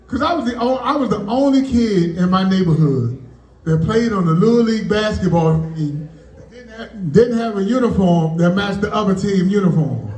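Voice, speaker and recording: A comedian with a high voice works the room in a loose, chatty stand-up style. His voice bounces around an echoey room and sounds like it was picked up from well back. He keeps tagging his punchlines with a casual "man.". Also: animated, moderate pace, a little mellow. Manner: loose, conversational punchlines, frequent "man" tags. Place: birthday party venue. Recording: echoey room, mic from far off.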